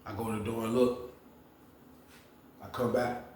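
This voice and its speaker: A man hosting a casual storytime, animated and profane, talking straight to his viewers. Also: fairly low pitch, a little slow, roomy sound, a little hiss or hum. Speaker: storytelling channel host. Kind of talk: casual storytime about prison.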